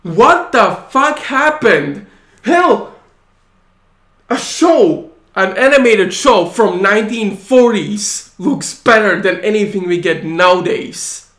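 A man with a very high voice delivers an exasperated, profane rant to his channel. He rambles, trips over words and restarts his sentences. The recording carries a clear echo from the room. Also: lively intonation, takes it slowly, a bit bright. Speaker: channel host. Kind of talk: ranting monologue.

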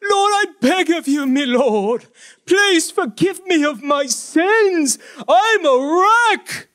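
A man acting out a groveling beggar pleading desperately in a whiny, very high voice. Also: animated, takes it slowly, fairly bright tone, exaggerated voice. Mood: begging.

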